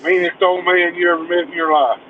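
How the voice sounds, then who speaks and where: A man with a high-sitting voice and steady tone chats frankly and offhandedly, a little fast, as a guest on a livestream. The casual conversation comes through lo-fi call audio with faint noise.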